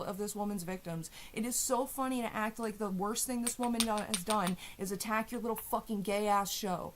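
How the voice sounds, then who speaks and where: A woman at an ordinary middle pitch delivers a furious rant. She swears freely and leans hard on sarcasm. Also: normal speed, hardly any pauses. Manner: heated, profane, sarcastic. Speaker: vlogger. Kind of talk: angry rant to camera.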